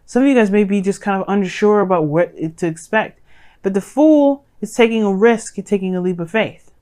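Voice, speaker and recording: A woman gives her viewers a casual tarot reading, rambling and sassy with lots of fillers. Her mid-range voice has a darkish tone and is a little hoarse and croaky, and she talks fairly quickly.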